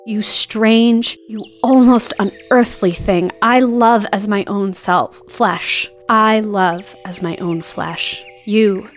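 A woman reads a brooding gentleman suitor in an audiobook, ardent and pleading, his voice dropping to a soft murmur at times. The pitch sits in a middle range, with faint music playing underneath. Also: close to an everyday voice. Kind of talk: audiobook character reading.

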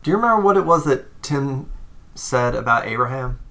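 A man narrating a tabletop role-playing game as game master, halting and rambling with many fillers. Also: mid-range voice, expressive, pushed and bright.

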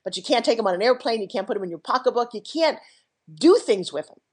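A middle-aged woman, an entrepreneur and TV pitchwoman, telling her story with high energy and enthusiasm in a podcast interview. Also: fast talker, slightly rough. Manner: energetic, enthusiastic, jumps into quoted voices.

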